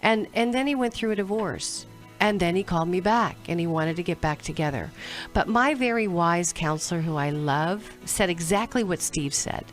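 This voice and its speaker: A woman co-host speaks in a lower voice, with faint music behind her. She tells her story in an animated, engaged way. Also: moderate pace. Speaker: co-host counselor. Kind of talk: advice radio talk.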